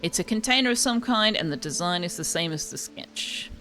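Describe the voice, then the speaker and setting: Woman streamer, low-pitched, casual let's-play talk with read-aloud game text. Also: expressive, brisk, bright, forceful tone, faint music behind. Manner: chatty, switching between asides and reading.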